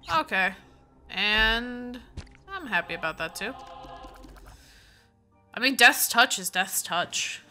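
A woman's voice: medium pitch, pushed and bright. A woman giving casual, rambling commentary while playing a video game, thinking aloud and reading out item names, sleepy and yawning. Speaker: gaming let's play host.

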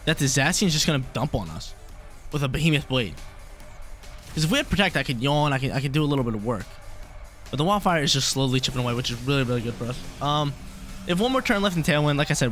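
A man casually calling the play-by-play of his own online battle, excitable and slangy, often repeating his lines. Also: mid-range voice. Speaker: game commentator.

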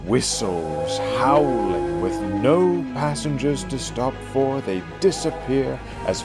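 A man's voice: mid-range voice, lively intonation, slow. A man voicing a cheeky young male tank engine, with music playing underneath. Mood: ominous. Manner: shifts from cheeky to spooky storytelling.

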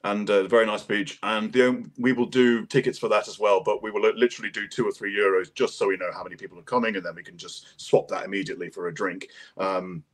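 A man's voice: on the low side, little pitch movement, fast talker, few pauses. A man explaining event plans in a casual panel chat, rambling with many fillers and restarts. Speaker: event organizer guest.

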